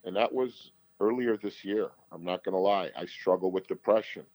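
A middle-aged man with a very low voice speaks as a guest, earnest and rambling, often restarting his sentences. The sound is dry and close. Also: normal speed, a little mellow, no echo, rough recording. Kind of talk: candid conversational storytelling.

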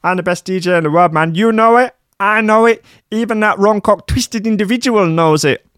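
A man voicing a whiny, boastful male DJ in a high, strained, nasal whine, in a dry room. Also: normal speed, fairly bright tone, clean tone, no room sound. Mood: self-pitying.

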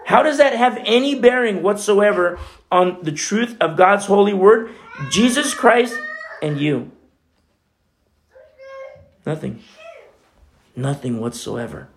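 Male pastor, conversational sermon, earnest and chatty, moves between hushed and emphatic delivery. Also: high voice, a little hiss or hum. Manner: earnest, chatty, frequent "you know" asides.

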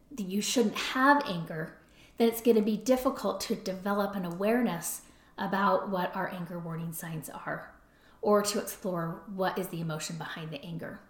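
Chatty woman in a roomy echo. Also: medium pitch. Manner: conversational, frequent "right?" tag questions. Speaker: podcast host and counselor. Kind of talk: advice talk.

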